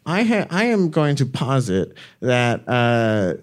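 A man's voice: mid-range voice, big pitch swings, slow. A man from Arizona talking as a guest on a comedy talk show, rambling and self-deprecating, laughing often. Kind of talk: casual talk-show chat.

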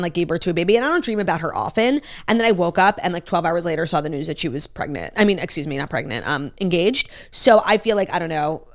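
A young woman co-hosting a casual pop-culture chat, talking fast and animated, with lots of fillers and sarcasm. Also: on the low side. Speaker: podcast co-host.

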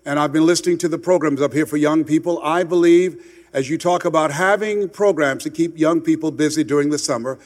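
A man telling a motivational story with passion, swinging between loud emphatic lines and hushed ones. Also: a little high, fairly even intonation, a little fast, in a large hall. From United States. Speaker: motivational speaker.

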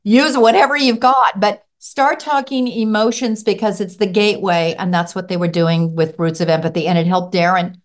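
A middle-aged woman who used to teach, a guest on a podcast interview, telling stories in a lively way and acting out what children said. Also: medium pitch, normal speed, hardly any pauses. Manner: animated storyteller acting out children's voices. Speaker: guest author and former teacher.

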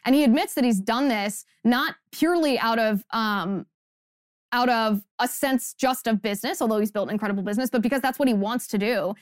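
A woman's voice: a little high, brisk, no room sound, studio quality. A woman hosting a podcast, delivering an emphatic, indignant and sarcastic political commentary monologue. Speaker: podcast host.

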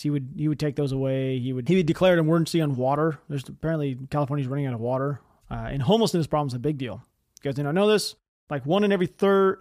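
A man's voice: on the high side, darkish tone, no echo, clean studio sound. A man hosting a podcast, ranting heatedly about politics with a lot of swearing. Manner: heated, profane, fast-talking. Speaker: podcast host.

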